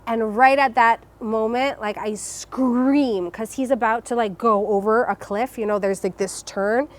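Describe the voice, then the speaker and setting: A young adult woman telling her personal story as an interview guest, emotional and halting, with many restarts and fillers. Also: fairly high pitch, fairly even intonation.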